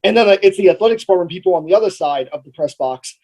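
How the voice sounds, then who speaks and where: A man's voice: sits high, animated, racing, a little mellow, low-quality recording. A young man, a college radio announcer, telling a rambling story with lots of fillers in a casual podcast chat.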